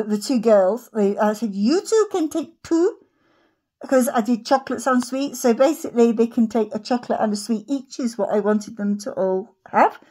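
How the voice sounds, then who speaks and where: A middle-aged woman chatting to camera in a rambling, animated way, acting out retold conversations. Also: on the high side. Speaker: vlogger. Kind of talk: casual chat to camera.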